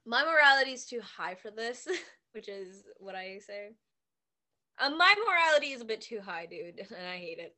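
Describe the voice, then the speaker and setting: High, bright, squeaky young woman. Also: expressive, moderate pace. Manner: loud, squeaky, swings between bursts and tired mumbling. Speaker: podcast co-host. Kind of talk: casual chat.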